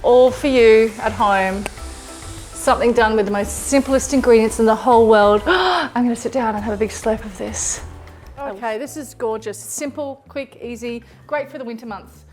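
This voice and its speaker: A woman cooks in her kitchen and talks the viewer through each step, chatty and gushing as she exclaims over the food. Her voice sits a little high. Clear music plays behind her over the sizzle of the pan. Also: normal speed. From Australia. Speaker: cooking show host, chef. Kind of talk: casual cooking demonstration. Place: kitchen, cooking at the stove.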